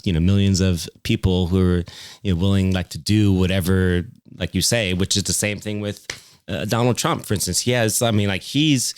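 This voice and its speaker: A man's voice: sits low, dry recording, studio quality. A man, a music producer guest on a podcast, talking casually and rambling with many fillers and restarts. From United States. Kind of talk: casual conversational interview.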